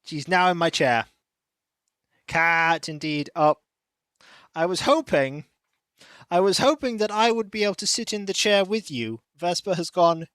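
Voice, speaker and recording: Slow, chatty male game streamer. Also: high-pitched, smooth, no room sound. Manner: chatty, rambling, greets chat by name, coos softly to his cat. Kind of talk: casual stream chat. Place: warm room at home.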